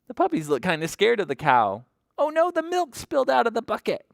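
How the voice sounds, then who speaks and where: A woman librarian reads aloud to toddlers in a sing-song, coaxing way, asking little questions as she goes. Her pitch rises and falls in big, lively swings. The recording is close and dry. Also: brisk, vocal fry, dry recording. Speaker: children's librarian. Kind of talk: toddler story time read-aloud.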